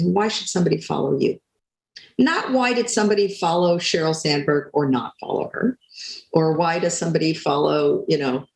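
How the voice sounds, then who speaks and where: An older woman speaking as a guest, telling a story in a lively way and acting out quoted lines. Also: medium pitch, reverberant, rough recording. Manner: animated, acts out quotes. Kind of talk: storytelling talk.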